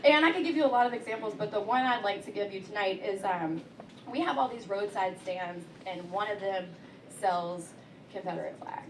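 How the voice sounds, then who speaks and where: A woman's voice: medium pitch, a little fast, noisy background. A young woman from rural Texas with a Southern accent, doing a wry, self-deprecating stand-up comedy set on stage. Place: comedy venue with a live audience. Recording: distant, roomy club recording with audience laughter.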